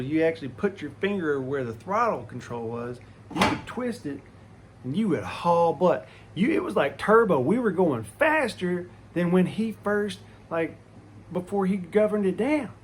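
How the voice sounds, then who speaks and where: Gravelly man spinning a yarn. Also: a little high, a little hiss or hum. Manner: folksy, rambling, with restarts and asides. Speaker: vlogger telling a childhood story. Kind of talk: casual storytelling.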